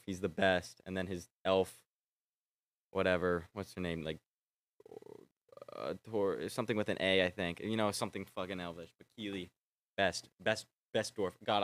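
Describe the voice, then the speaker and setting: A young man vlogging in a casual, rambling way, excitable and swearing freely as he trails off and restarts his sentences. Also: low voice, moderate pace, no room sound. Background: faint film score playing.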